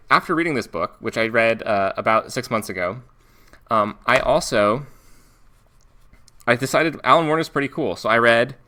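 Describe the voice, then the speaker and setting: A man's voice: lowish voice, sharp tone. A man from Alaska with an American accent, talking casually through a book review with frequent restarts and fillers. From Alaska, United States. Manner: thoughtful, restarts and fillers, reads passages aloud.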